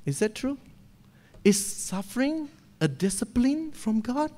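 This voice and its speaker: Brief: male preacher, high pitch, swooping delivery, pulpit sermon. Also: unhurried. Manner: animated retelling with frequent "okay?" checks. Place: church pulpit.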